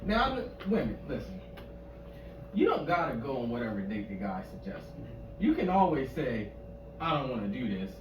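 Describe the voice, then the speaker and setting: A man's voice: medium pitch, big pitch swings, normal speed. A man doing a loose, profane stand-up rant on stage, often laughing at his own jokes. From Maryland. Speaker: stand-up comedian. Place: comedy club stage. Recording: echoey club from a distance with noise.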